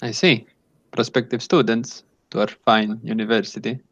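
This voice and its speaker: A man's voice: fairly low pitch, flat delivery, moderate pace, fairly bright tone, no echo. A man voicing a polite, dapper Italian professor in his late forties, speaking with an Italian accent in a courteous, inviting manner, on a dull lo-fi recording. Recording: dull lo-fi sound.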